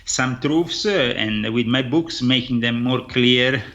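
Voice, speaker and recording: A man with an Italian accent, a guest on a radio interview, speaking slowly with many hesitations and fillers. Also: medium pitch, a bit bright, lo-fi sound. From Italy. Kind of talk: phone-in interview.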